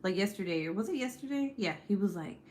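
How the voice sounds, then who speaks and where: A young woman chats on her livestream in a loose, rambling way, swearing freely and leaning on "like" between phrases. Her pitch sits mid-range for a woman, with a faint hiss of background noise under the voice. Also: lively intonation, quick pace, a little mellow. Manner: chatty, profanity-laced, lots of "like" fillers. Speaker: YouTube host. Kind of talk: casual livestream chat.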